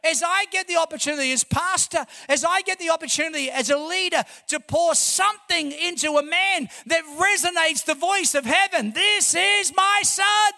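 A man preaches to his church congregation in a strikingly high voice for a man. His tone is bright and forceful. He drives each point home with fervent emphasis and rhetorical questions. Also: normal speed, gravelly, few pauses. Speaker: pastor. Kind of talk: sermon.

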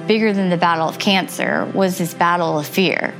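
A woman in her thirties telling her personal faith testimony earnestly and reflectively, with soft laughs. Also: mid-range voice, steady tone, a little fast, hardly any pauses. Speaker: testimony guest. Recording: music playing underneath.

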